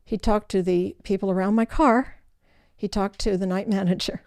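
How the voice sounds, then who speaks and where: An older woman, the guest in an interview, telling her life story in an animated way and acting out the voices of people in it. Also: mid-range voice, normal speed, no room sound, clean studio sound. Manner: animated storyteller who acts out quoted voices.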